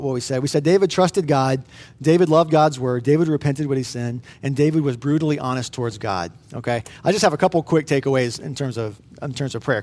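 A man's voice: medium pitch, a little mellow. Pastor in his thirties, male, conversational sermon delivery, earnest, with some restarts.

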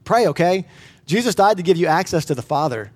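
A man's voice: high voice, lively intonation, brisk. Pastor in his thirties, male, conversational sermon delivery, earnest, with some restarts.

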